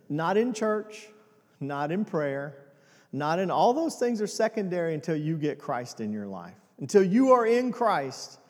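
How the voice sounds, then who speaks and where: A man preaching a sermon as pastor, swinging between hushed and loud passages. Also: on the high side, big-room sound.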